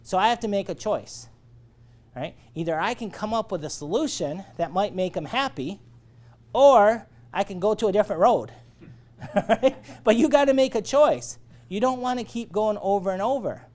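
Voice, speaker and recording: A man's voice: sits high, expressive, normal speed, darkish tone. A man leading a sales training lecture, coaching and checking in often with his listeners. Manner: coaching, checks in with "all right?".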